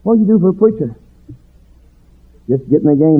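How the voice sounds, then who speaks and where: A man preaching a sermon in a rhythmic, swooping cadence, building to shouted refrains. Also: sits high, sing-song, brisk. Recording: tinny phone-like sound.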